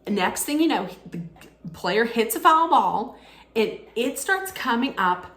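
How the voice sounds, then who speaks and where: Lively woman telling a story. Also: a little high, a little slow, reverberant. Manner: animated, excitable, laughs often. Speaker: vlogger. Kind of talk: casual storytelling.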